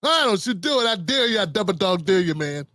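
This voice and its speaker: A man putting on a condescending, folksy older male politician in a hushed, mocking impression. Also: high voice, very animated, fairly quick, no echo, studio quality, heavily acted. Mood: taunting.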